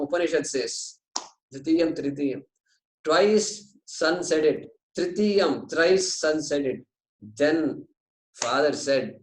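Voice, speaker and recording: A man's voice: mid-range voice, slow, reverberant, poor audio. A man teaching a scripture class, telling a story conversationally and weaving in Sanskrit phrases.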